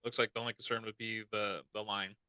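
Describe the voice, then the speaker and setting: Bright, crisp-voiced man talking football. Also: fairly low pitch, level tone, quick pace, no echo. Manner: loose, rambling, self-correcting. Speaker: podcast co-host. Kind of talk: casual sports chat.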